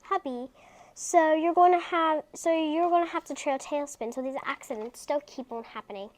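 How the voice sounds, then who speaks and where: A woman's voice: high voice, moderate pace, close to an everyday voice. A woman voicing a strict mother in a children's storybook, with a firm, plain everyday voice. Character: strict mother of a young boy.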